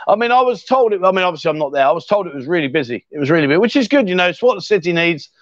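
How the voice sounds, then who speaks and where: A middle-aged man with an English accent chats on a live stream, joking with his viewers and calling them mate. His voice sits fairly high for a man. The sound is dry and a little dull. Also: expressive, racing, no echo. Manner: chatty and jokey, full of mate and fair play. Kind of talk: casual live-stream chat reading comments.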